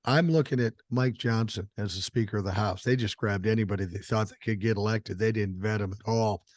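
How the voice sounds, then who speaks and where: A man's voice: on the low side, a little fast, no room sound. Blunt, swearing older man. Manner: blunt and profane, emphatic. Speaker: podcast host. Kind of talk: casual political chat.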